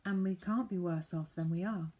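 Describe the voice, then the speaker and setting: A woman reading the part of a quick-thinking young girl who speaks softly and urgently. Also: lowish voice, lightly acted. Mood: hushed urgent. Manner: soft, hushed and urgent.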